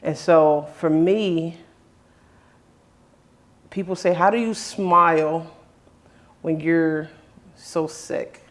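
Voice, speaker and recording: A man's voice: a little high, extremely slow, pauses often, fairly bright tone. A man hosting a conversation, earnestly telling a personal story in his own words and often quoting what others said to him. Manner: earnest, with many restarts and quoted dialogue. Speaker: host.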